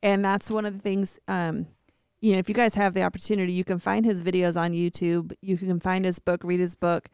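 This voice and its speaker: Woman co-host, smooth clear tone, dry close sound, animated storyteller. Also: lowish voice, fairly quick, no echo. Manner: animated, acts out quoted voices. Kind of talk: casual faith-based chat.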